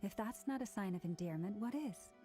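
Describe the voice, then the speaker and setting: A woman voicing a composed, gentle adult character in a video game, with a calm, measured delivery. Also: medium pitch, faint music behind, lightly acted. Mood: fond.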